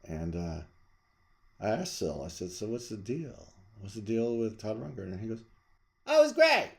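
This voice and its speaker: A middle-aged man, the host, chatting casually and rambling about his record collection, jumping to loud emphasis. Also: lowish voice, moderate pace, gravelly. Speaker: vlog host reviewing records.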